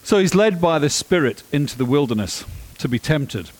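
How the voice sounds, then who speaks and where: A man delivering a sermon, animated and emphatic, with dry self-deprecating humor. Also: fairly high pitch, normal speed, low-quality recording. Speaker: preacher.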